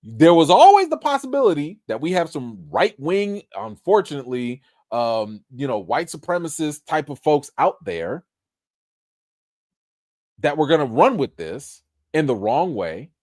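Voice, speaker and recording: Animated, emphatic man on a livestream. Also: a little high, unhurried. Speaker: livestream host. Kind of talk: entertainment news commentary.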